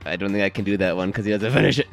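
A man's voice: on the low side, rapid-fire, faint music behind. A man in a group read-along, making dry remarks and laughing easily.

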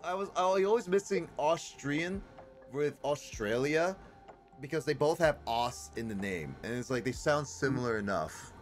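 A man's voice: a little high, animated, normal speed, soft background music. A man streaming and chatting casually with viewers, rambling with lots of fillers and restarts.

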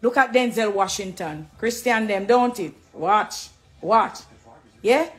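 A middle-aged woman with a Jamaican accent, talking to camera in an animated, preachy, affectionate way, slipping into patois. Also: medium pitch, takes it slowly. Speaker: dancehall artist. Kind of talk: casual direct-to-camera talk.

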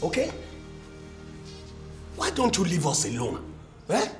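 Smug, dismissive groom. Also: male voice, high-pitched, huge pitch swings, takes it slowly, echoey room, soft background music, full character voice. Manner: emphatic, mocking. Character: smug, dismissive groom shooing away his ex. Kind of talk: TV sitcom acting.

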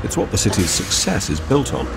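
A man delivering measured, scripted documentary narration. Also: sits low, huge pitch swings, vocal fry, noisy background. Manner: measured and informative.

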